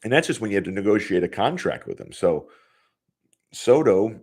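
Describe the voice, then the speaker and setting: A man's voice: fairly low pitch, big pitch swings, moderate pace, darkish tone, slightly rough. A man in his forties hosting a casual solo podcast from his home office, rambling and swearing freely, laughing often. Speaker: podcast host.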